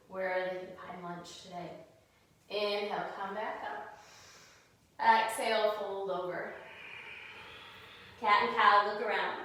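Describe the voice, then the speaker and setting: A woman leading a kids' yoga class as a gentle story, mixing pose cues with storytelling. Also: mid-range voice. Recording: very echoey room, voice far from mic.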